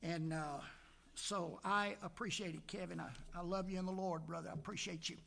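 An older pastor preaches a folksy sermon in a church sanctuary, his high, sharp, creaky voice steady in tone and fairly quick. He jokes with the congregation and calls out amen between Scripture readings and prayer.

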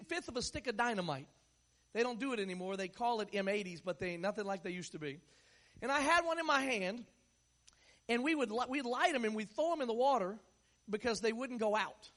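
A man preaching with an unusually high voice for a man. He talks to his listeners in a loose, conversational way and slips joking stories into his sermon. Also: a bit bright.

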